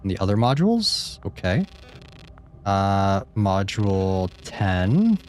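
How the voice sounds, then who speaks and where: A man's voice: deep voice, sing-song, slow, darkish tone, slight background noise. A man casually commenting while he plays a horror game, wry and reading prompts aloud. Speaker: streamer playing a game. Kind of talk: casual let's-play commentary.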